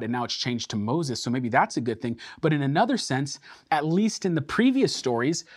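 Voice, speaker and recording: A man teaching a sermon through scripture, earnest and emphatic, slowing down to stress key words. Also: fairly high pitch, dry recording, clean studio sound.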